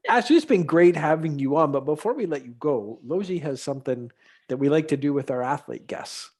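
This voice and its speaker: A man's voice: on the high side, lively intonation, a little mellow. Encouraging man from Canada hosting. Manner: encouraging, quick to praise. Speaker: podcast host. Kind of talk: interview chat.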